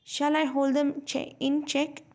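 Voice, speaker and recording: A woman's voice: high voice, level tone, a little mellow, pitched above the performer's own voice. A woman reading the part of a quizzical sixteen-year-old office boy. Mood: brisk. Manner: quizzical, brisk.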